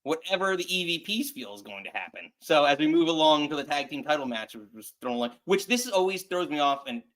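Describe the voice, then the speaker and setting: A man's voice: fairly high pitch, lively intonation, fairly quick, a bit bright. A man hosting a casual wrestling podcast, running the segues and asking his co-host for picks. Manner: upbeat, moves the show along with segues.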